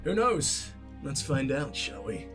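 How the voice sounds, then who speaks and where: A man with a stuffy nose, commenting on a game he is playing, sweary, sarcastic and excitable. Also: medium pitch, slow pace, faint music behind. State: sick, stuffy-nosed. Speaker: let's play host. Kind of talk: gameplay commentary.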